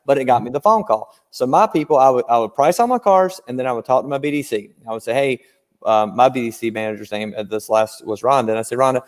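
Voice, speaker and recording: A man guest on a casual podcast, coaching dealers and telling animated stories with plenty of examples. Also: medium pitch, fast, few pauses, long reverb tail. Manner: animated storyteller, explains with examples. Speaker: guest car-dealership trainer.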